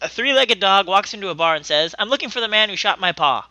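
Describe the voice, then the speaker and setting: A man's voice: high-pitched, expressive, fast, bright, forceful tone, dry recording. A man co-hosting a casual comedy podcast over a call, telling jokes in an exasperated, profane way. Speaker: podcast co-host. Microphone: remote call mic.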